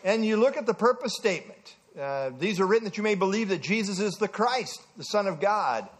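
A man leading an evening Bible study. He teaches in a conversational way, asks the group questions and often pauses with "uh". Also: high-pitched, lively intonation.

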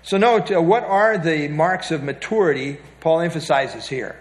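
A man with a slightly higher than usual voice teaches a Bible lesson from printed notes. He reads passages aloud, explains them, and often pauses to point his listeners to the next paragraph. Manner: reads from notes with frequent fillers and restarts, pointing to the page.

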